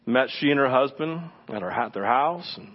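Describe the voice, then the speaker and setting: A male pastor giving a sermon as a conversational, animated story, with asides to the congregation. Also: medium pitch, moderate pace, slight background noise. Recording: dull lo-fi sermon recording.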